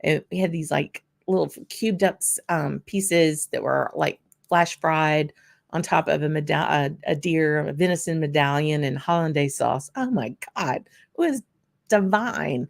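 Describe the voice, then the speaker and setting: Gravelly woman. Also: deep voice, fairly even intonation, measured pace. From Louisiana. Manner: chatty, answers viewers by name while tasting. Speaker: whisky channel host. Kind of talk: casual livestream chat.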